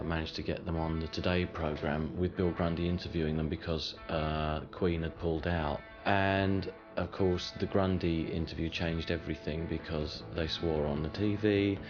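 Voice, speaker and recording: A man reminiscing in an interview, speaking deliberately with ums and uhs. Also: sits low, highs cut off. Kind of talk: measured reminiscing.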